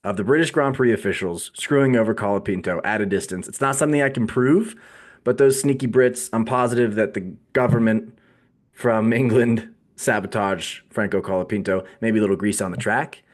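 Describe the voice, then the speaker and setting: A man's voice: fairly low pitch, fairly quick. A man co-hosting a podcast, chatting casually and joking in a dry, mock-serious way. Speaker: podcast co-host. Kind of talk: casual chat.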